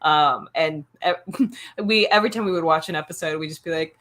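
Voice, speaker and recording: A young woman co-hosting a casual chat, animated and quick to laugh. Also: sits low. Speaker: podcast co-host.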